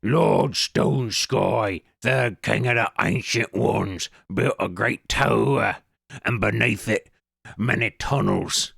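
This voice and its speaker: A man's voice: fairly low pitch, takes it slowly, vocal fry, fairly bright tone, breathy edge, no echo, clean studio sound, exaggerated voice. A man voicing a greasy, ragged male adventurer who digs up relics and calls everyone mate. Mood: drawling. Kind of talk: reading video game dialogue aloud.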